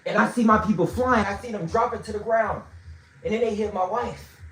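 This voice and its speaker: A man telling a long story in a casual way, swinging between loud bursts and low mutters. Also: fairly quick. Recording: roomy echo.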